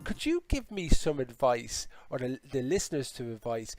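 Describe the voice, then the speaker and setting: A man's voice: medium pitch, big pitch swings, normal speed, a little mellow, faint music behind. A man hosting a podcast interview who asks long questions and eagerly agrees with his guest. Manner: eager, affirming. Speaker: podcast host.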